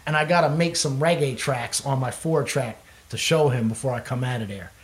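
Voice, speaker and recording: A man's voice: medium pitch, fairly quick. Profane, rambling guy telling stories. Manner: profane, rambling, laughs often. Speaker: guest musician. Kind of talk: casual storytelling chat.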